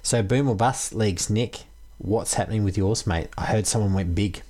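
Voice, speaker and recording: A man's voice: fairly low pitch, moderate pace, warm tone. A man hosting a podcast, upbeat and matey, throwing to his co-hosts. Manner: matey, upbeat, calls everyone mate. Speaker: podcast host. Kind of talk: casual podcast chat.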